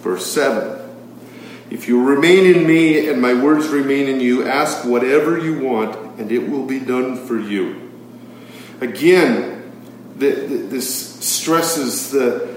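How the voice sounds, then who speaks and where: A man's voice: mid-range voice, takes it slowly, a little hiss or hum. A man teaching a Bible study to a live group, reading scripture aloud and posing rhetorical questions, with frequent fillers. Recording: very echoey room, far from the mic.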